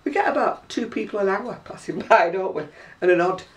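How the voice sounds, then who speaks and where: An older woman with a Lancashire accent, from around Oldham in northwest England, hosts a casual chat in her living room and laughs through her stories. Her voice is medium in pitch and fairly quick. A distant camera mic picks her up in the room.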